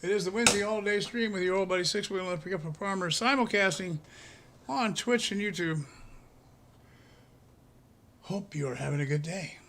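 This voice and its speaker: Folksy older man, high bright voice. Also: moderate pace, pauses often, a little hiss or hum. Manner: chatty and folksy, chuckling often. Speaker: streamer. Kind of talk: casual gameplay commentary.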